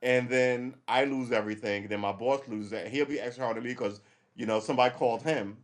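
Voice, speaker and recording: A middle-aged man hosting a live stream, giving casual, rambling commentary as he reads and reacts to a news article, swearing freely. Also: mid-range voice. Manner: rambling and profane, acts out quick imagined dialogue.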